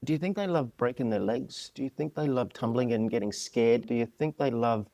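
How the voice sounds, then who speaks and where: A man's voice: medium pitch, a little fast, warm tone, no echo. Encouraging man co-hosting a podcast. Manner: encouraging, upbeat, asks follow-up questions. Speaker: podcast co-host. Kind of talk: casual discussion with children.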